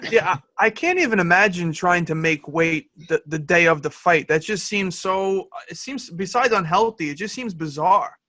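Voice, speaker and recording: A man's voice: high-pitched, normal speed, few pauses, pushed and bright, dry recording. A man hosting a podcast interview, eager and agreeable, chatting casually with his guest. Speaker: podcast host.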